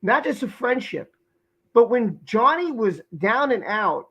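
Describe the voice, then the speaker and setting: A man's voice: extremely high pitch, very animated, measured pace, slightly rough, highs cut off. A man with a Brooklyn accent hosting a live stream chat, talking emphatically and effusively, often repeating himself. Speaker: host.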